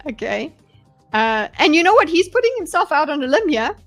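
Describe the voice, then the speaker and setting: A woman live-streams her breakdown of a debate, talking bluntly and animatedly and swearing freely. Her voice sits high. Faint music plays quietly underneath. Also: sing-song, fairly quick. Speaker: livestream host analysing a debate. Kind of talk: live reaction commentary.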